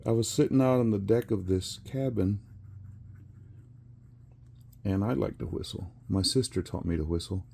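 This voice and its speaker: A man's voice: lowish voice, measured pace, vocal fry, long pauses, mellow, a little hiss or hum. A man in his sixties telling a rambling story with chuckles and fillers while he works on a craft. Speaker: resin crafter.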